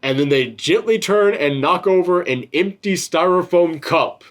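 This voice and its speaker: A man's voice: high voice, a little slow. A man hosting a casual film-review chat, rambling and swearing freely. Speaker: podcast host reviewing a film.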